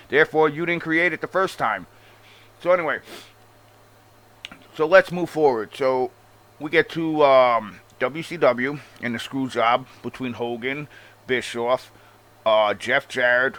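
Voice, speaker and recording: A man's voice: medium pitch, a bit bright. A man ranting casually as a wrestling show host, sarcastic and full of swearing, calling the listener bro. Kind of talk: casual rant.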